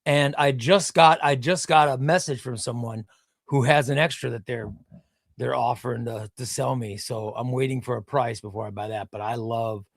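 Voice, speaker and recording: A man's voice: mid-range voice, normal speed, creaky, no room sound, clean studio sound. A man hosting a casual comics livestream, rambling, repeating words and answering chat. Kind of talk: casual live-stream chat. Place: home room with comic shelves.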